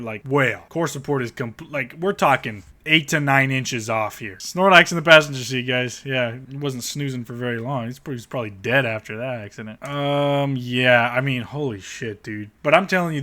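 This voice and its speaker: A man with a bright, forceful voice tears into car listings in a blunt, sarcastic rant. He swears freely and mocks what he reads, talking like a car channel host reacting on camera. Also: medium pitch. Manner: blunt, profane, sarcastic ranting. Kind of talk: ranting commentary on car listings.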